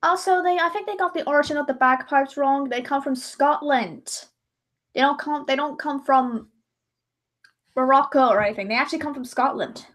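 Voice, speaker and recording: High-voiced rambling woman. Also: normal speed, fairly bright tone. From Ireland. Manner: rambling, chatty, often breaking off and restarting sentences. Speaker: livestreamer. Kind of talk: casual livestream chat.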